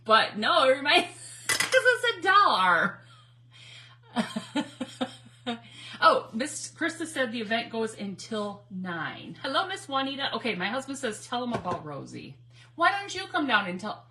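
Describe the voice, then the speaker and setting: A chatty woman hosts a live crafting stream with a bright, clear voice. She rambles from one story to the next, greets viewers by name and laughs easily. Faint noise sits under her voice. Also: fairly high pitch, very animated, a little slow, low-quality recording. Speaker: crafting livestream host. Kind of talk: casual chat while crafting live.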